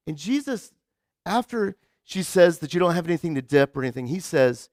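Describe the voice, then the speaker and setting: A man's voice: fairly high pitch, big pitch swings, a little fast, darkish tone, no echo, studio quality. A young man preaching a casual, conversational sermon, telling stories with lots of "like" and restarts. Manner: chatty storyteller, many repeated "like" and restarts. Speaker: pastor.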